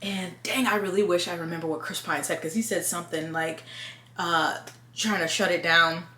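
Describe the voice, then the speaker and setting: Young woman, casual rambling recap, lowish voice, roomy echo, faint hum. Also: fairly even intonation, normal speed, pushed and bright. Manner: chatty, rambling, filler-heavy. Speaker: video creator recapping a film. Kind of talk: casual chat. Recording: echoey room with faint hum.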